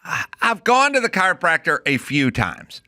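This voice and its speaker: A man's voice: high voice, very animated, normal speed, bright, forceful tone, no room sound, clean studio sound. A middle-aged man co-hosting a podcast, riffing in comedic casual chat and acting out voices and sound effects. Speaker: podcast co-host.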